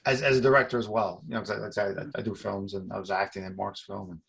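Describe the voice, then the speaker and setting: A man's voice: on the low side, fast, vocal fry, fairly bright tone, slightly rough. A man from Brooklyn hosting a casual interview, agreeing often and restarting his sentences. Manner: agreeable, many yeahs and restarts. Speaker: podcast host and filmmaker.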